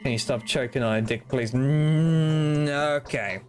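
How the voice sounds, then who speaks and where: Guy streaming a game, mid pitch, reads the dialogue out loud and rambles n swears, game music going clearly behind. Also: fairly even intonation, fast talker. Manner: casual, rambling, swears and jokes between read lines. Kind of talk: live-streamed game playthrough, reading dialogue aloud.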